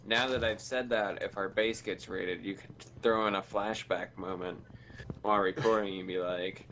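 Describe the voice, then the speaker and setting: Gamer guy, low gravelly voice, laid-back banter, keyboard clicks behind. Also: steady tone, normal speed, bright, forceful tone, a little hiss or hum. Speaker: teammate in a multiplayer game. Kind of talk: casual gaming chat.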